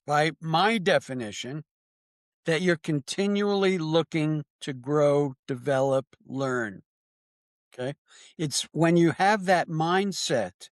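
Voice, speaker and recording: A man's voice: on the high side, dry recording, studio quality. An older male psychologist explaining ideas earnestly in an interview, often checking in with "right?". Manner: earnest, emphatic, teacherly with tag questions. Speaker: psychologist and author guest.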